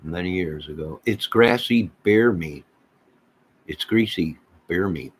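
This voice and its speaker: This American livestream host has a husky voice that sits low, and he speaks slowly. He chats loosely with his viewers, reading out their comments and letting thoughts drift off unfinished.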